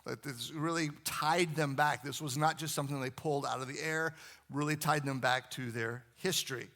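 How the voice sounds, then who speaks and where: A pastor giving a sermon, telling the story in a relaxed, conversational way and turning to the congregation with questions. His voice is bright and forceful and sits a little high for a man. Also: moderate pace.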